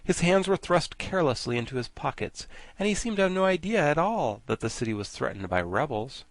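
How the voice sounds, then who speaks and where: A man narrating a children's classic for an audiobook in an expressive storytelling manner. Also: a little high, a little fast, no echo. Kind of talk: scripted narration.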